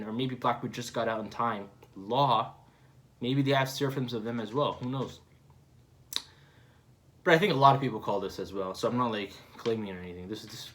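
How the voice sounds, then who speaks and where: A man hosting a live comic read-along, breaking off to ramble through excited fan theories. His voice sits at an ordinary middle pitch, and he talks in long, loose run-ons. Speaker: manga reaction host.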